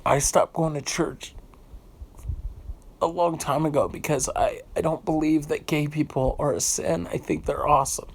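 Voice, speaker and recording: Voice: mid-range voice, normal speed, creaky, breathy edge. A vlogger from the United States giving an emotional, unscripted rant, indignant and swearing freely, often repeating phrases while searching for words.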